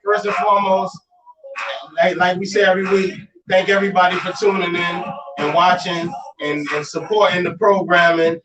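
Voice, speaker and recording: A man's voice: high-pitched, little pitch movement, moderate pace, reverberant. A man co-hosting a talk show, giving loose, repetitive plugs with many fillers. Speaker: co-host. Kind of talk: casual talk show chat, promo plugs. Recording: distant mic with music behind.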